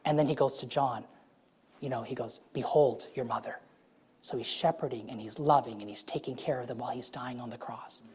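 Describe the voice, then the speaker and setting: A woman preaching to her congregation in a loose, conversational way, often checking in with "right?" and "okay?" and drawing out key phrases slowly for emphasis. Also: a bass voice, a little mellow, husky. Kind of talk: sermon.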